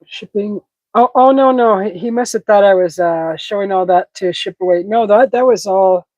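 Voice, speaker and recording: A woman of medium pitch and darkish tone, talking at a normal speed, hosts a casual cooking livestream while sniffling from a head cold. Chatty throughout, she reads viewers' comments aloud as she cooks. The low-quality recording has no room sound.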